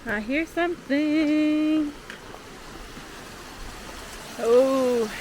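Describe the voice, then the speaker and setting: A woman from Vancouver Island, a tired long-distance hiker, chatting excitably into a handheld camera on a mountain trail. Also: high-pitched, extremely slow, a little hiss or hum. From Vancouver Island, Canada. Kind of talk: casual trail vlog.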